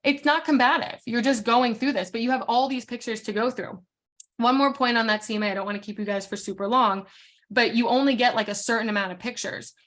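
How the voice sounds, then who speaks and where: A woman's voice: fairly high pitch, steady tone, fairly bright tone. Frank woman coaching real estate agents. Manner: frank, talks fast with many fillers and restarts. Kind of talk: casual training session.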